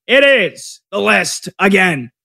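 A man's voice: high voice, big pitch swings, slow pace, creaky, very noisy. A man hosting a sports radio show, chatting energetically and joking with his producers.

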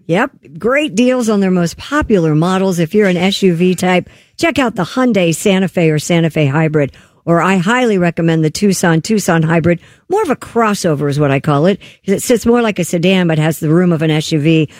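Upbeat high-voiced radio ad reader. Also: male voice, expressive, fairly quick, dry recording, clean studio sound. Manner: upbeat sales pitch. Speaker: radio show co-host. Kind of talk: reading a live ad read.

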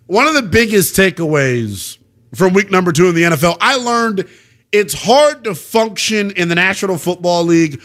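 A young man hosts a sports talk radio show, brash and full of slang as he works the phones. His voice sits a little high and swings widely up and down. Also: lively intonation, moderate pace, fairly bright tone. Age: young adult.

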